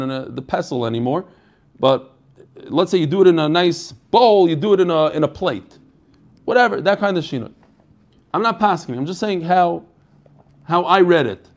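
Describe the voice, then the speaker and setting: A man teaching an online Talmud class in a casual, chatty way, asking questions and answering them himself. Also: fairly high pitch.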